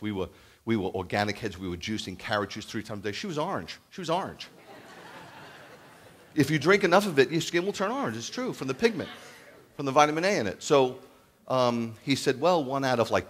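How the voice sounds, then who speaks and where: A man in his fifties preaching as a rabbi, telling stories with jokes and acting out the dialogue in an animated sermon. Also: medium pitch. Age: 50s. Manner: animated, jokey, acts out quoted dialogue. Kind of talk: humorous storytelling sermon.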